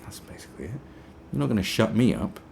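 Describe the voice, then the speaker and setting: Deep-voiced british guy ranting on his podcast, swings his pitch all over, swears a lot, faint hiss behind. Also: very animated, fast talker, gravelly, a little mellow. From Britain. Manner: ranting, sarcastic, swears, mimics people in high mocking voices. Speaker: podcast host. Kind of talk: opinionated podcast monologue.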